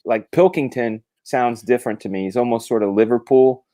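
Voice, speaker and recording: A man's voice: medium pitch, a little fast, mellow, no echo. Enthusiastic man with a dry voice. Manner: enthusiastic and jokey. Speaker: guest. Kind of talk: casual live chat.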